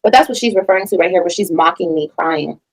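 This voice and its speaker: A woman talks quickly through heated reaction commentary, blunt and emphatic. She swears freely and presses every point hard. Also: fairly low pitch, rough recording. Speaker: reaction streamer.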